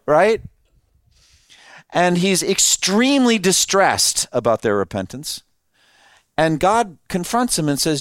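A man's voice: high-pitched, big pitch swings, normal speed, no room sound, studio quality. A man preaching a sermon in a conversational way, laughing often and asking his listeners questions. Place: room with an audience.

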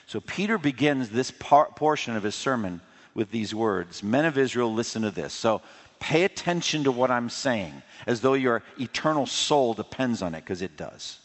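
A man preaching a sermon with passion, surging louder on key points and dropping low and quiet for personal appeals. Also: expressive, moderate pace. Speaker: pastor. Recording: long hall reverb.

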